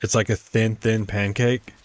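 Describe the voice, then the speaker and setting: Low-voiced man rambling over gameplay. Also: level tone, measured pace. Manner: rambling, muses aloud and stumbles over words. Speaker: let's play streamer. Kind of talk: casual gameplay commentary.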